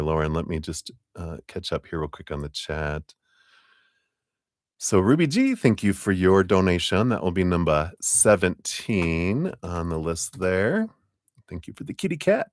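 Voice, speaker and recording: A deep-voiced man with a slight Southern US twang talks his way through a live tarot reading. He speaks slowly, rambles casually and laughs often. The sound is close and dry. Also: no room sound. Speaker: tarot reader hosting a live stream.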